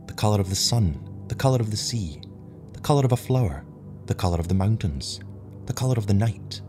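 A man's voice: lowish voice, lively intonation, brisk, over music, pitched above the performer's own voice, natural voice. A man voicing a serene townswoman who speaks steadily and lyrically.

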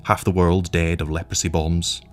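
A man voicing a young husband on the run, speaking in an earnest, quiet and resolute way. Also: deep voice, level tone, moderate pace, lightly acted. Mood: tense.

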